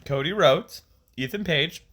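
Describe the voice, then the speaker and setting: Bright-voiced, chatty man co-host. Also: on the high side, unhurried. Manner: eager storyteller, laughs often. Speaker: podcast co-host. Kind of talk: casual chat.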